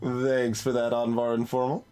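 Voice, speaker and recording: A male streamer rambles through casual commentary while he plays. He sounds amused by himself, and his voice sits at an ordinary pitch. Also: completely flat delivery, moderate pace, dark tone, smooth.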